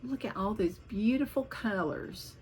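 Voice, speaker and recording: A woman's voice: mid-range voice, a little slow, husky, rough recording. A woman vlogging about her cross-stitch projects in a chatty, rambling way, hopping from one topic to the next.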